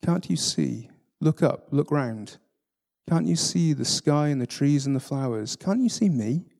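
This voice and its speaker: A man reading aloud and voicing an earnest, kind young girl, pleading and raised in pitch. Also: lively intonation, moderate pace, warm tone.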